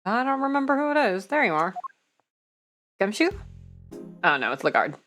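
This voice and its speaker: A woman's voice: mid-range voice, big pitch swings, normal speed, fairly bright tone. A woman streaming a video game, chatting casually and poking fun at her own slips. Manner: chatty, self-mocking. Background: game music.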